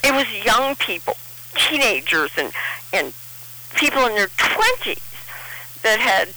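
A woman's voice: on the high side, sing-song, measured pace, heavy background noise. A middle-aged woman telling a personal story in a rambling, emotional way, often restarting her sentences.

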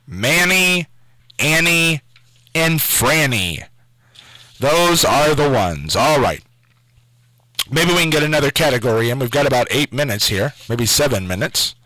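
A man's voice: a little high, sharp tone, no echo, rough recording. A man hosting a call-in radio quiz show from a station studio, taking callers and spelling out names letter by letter.

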